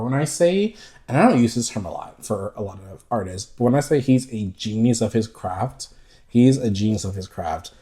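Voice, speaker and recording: A man from the United States co-hosting a podcast, telling stories in a lively, profane, laughing way. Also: medium pitch, brisk. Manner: animated, profane, laughing storyteller. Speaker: podcast co-host. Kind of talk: casual chat.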